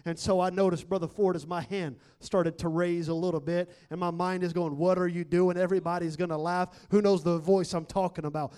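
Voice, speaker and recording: A man with a high-pitched voice preaching at a rally. He tells his story conversationally, then rises into loud, shouted exhortation. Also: fairly even intonation, a little fast, hardly any pauses, clear, resonant tone. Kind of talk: sermon.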